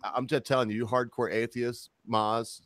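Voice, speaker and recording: A man hosting a casual livestream chat, rambling and laughing often, sometimes getting loud and excited. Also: mid-range voice, moderate pace, a crowd in the background. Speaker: host.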